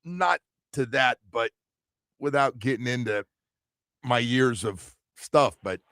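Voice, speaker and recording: A man's voice: medium pitch, lively intonation, slow, fairly bright tone, dry recording. A man in his sixties hosting a sports radio show in a studio, talking in a rambling, stammering way and acting out bits of his stories. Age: 60s. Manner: rambling, stammers and restarts, acts out voices in stories. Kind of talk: casual radio banter. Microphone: studio microphone.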